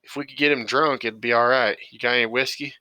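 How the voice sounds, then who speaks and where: A man reading a calm, practical farm son. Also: mid-range voice, fast, no echo, low-quality recording. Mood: level.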